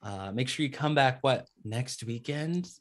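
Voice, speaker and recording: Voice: mid-range voice, lively intonation, measured pace. A player chatting casually and cheerfully about an upcoming game. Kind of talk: casual chat.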